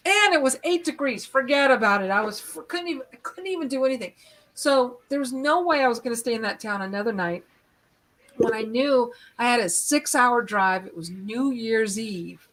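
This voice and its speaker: A middle-aged woman hosts a live stream, telling a long story in a rambling, animated way. Her voice sits a little high, and she keeps acting out parts of the tale as she talks. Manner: rambling, animated, acts out moments. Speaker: host.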